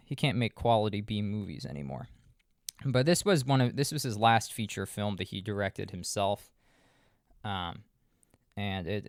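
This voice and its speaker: Low, smooth-voiced rambling man. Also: no room sound, clean studio sound. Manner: rambling, many restarts and fillers, profane asides. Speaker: podcast host. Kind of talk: casual movie recap.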